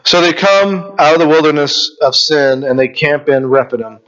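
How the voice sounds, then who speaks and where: A man's voice: on the high side, normal speed, a bit bright. Man preaching a sermon, muffled audio. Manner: preaching with rising rhetorical questions, reading scripture aloud. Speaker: pastor.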